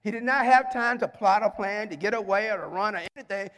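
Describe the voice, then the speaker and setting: A male minister preaching a sermon, retelling a Bible story with emphatic, animated delivery and shouted exhortations. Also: high voice, fast, big-room sound.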